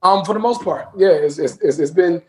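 A young man from New York, a guest DJ, speaking hoarsely in a laid-back way and often saying "you know what I'm saying.". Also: a little high, a little fast, a little mellow. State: hoarse from lost voice. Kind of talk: casual interview.

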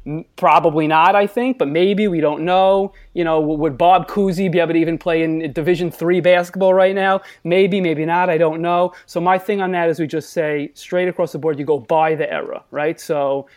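A man's voice: fairly high pitch, steady tone, normal speed, few pauses. A man with a thick Long Island accent, a talkative, analytical guest judge on a casual podcast, mocking himself as he goes. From Long Island, New York.

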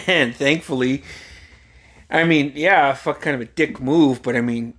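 A man in his forties from Alaska tells a casual, rambling story, swearing freely and chuckling as he goes. His voice sits at an ordinary middle pitch. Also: measured pace, a bit bright. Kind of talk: casual anecdote telling.

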